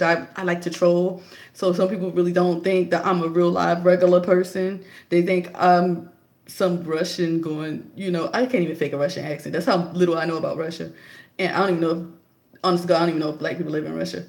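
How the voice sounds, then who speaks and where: A young woman talks straight to her audience in a loose, chatty monologue, spinning her story with lots of animation. Her voice carries a gravelly, fry-touched edge, and her pitch sits in an everyday middle range. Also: reverberant. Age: young adult. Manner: chatty, animated storytelling, jumps high to act out her own quotes. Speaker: vlogger. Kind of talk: casual opinion monologue.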